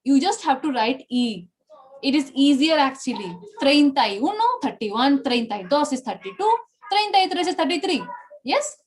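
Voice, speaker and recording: A woman's voice: sits high, sing-song, normal speed, slight background noise. A woman with an Indian English accent teaching an online Spanish class, repeating numbers and praising students often.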